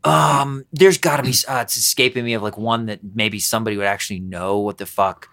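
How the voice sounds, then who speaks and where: A man hosting a podcast, chatting casually in a rambling, animated way and swearing freely. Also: on the low side, fairly quick. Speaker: podcast host. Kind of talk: casual chat.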